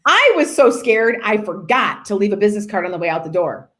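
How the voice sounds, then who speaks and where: Lady agent telling a work story, pitch jumps all over, does little voices. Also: brisk. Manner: animated, acts out voices in her anecdote. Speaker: real estate agent, podcast guest. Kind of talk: casual storytelling.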